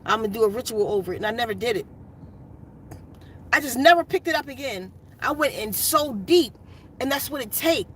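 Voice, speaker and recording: A woman with a high, somewhat bright voice hosts a meditation channel, with slight background noise around her. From inside her RV, she tells a personal story casually and earnestly, repeating and emphasizing points.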